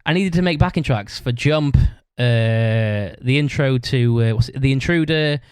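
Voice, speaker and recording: A man's voice: mid-range voice, normal speed, smooth, no room sound. A man hosting a podcast, rambling through a story in casual chat, swearing constantly. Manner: acts out other people's shouted lines. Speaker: podcast host.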